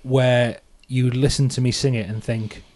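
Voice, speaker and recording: A man's voice: medium pitch, level tone, measured pace, darkish tone. A man in his thirties from England, a musician hosting a podcast, chatting casually about his songs, self-mocking and laughing often.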